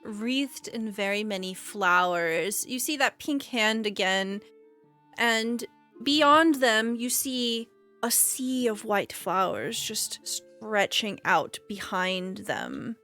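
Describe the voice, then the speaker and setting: A woman running a tabletop roleplaying game as game master, narrating scenes in a calm, descriptive way. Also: medium pitch, takes it slowly, faint music behind.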